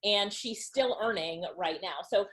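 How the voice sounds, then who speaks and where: A woman's voice: mid-range voice, unhurried, a bit bright. A woman giving an upbeat, enthusiastic webinar talk as an online business trainer. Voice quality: upbeat and enthusiastic, laughs between points.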